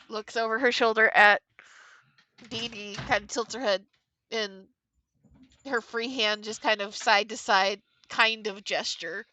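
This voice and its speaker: Slow-talking, bright-voiced woman player. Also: fairly high pitch, steady tone, a little hiss or hum. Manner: slow, descriptive. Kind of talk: narrating her character's actions in a tabletop game.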